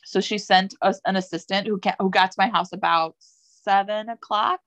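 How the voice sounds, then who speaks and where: A woman's voice: mid-range voice, moderate pace, dry recording. A young adult woman, a podcast guest, telling a personal story in a casual, chatty way with many fillers. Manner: chatty, many fillers, lively when quoting herself. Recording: dull lo-fi, dry sound.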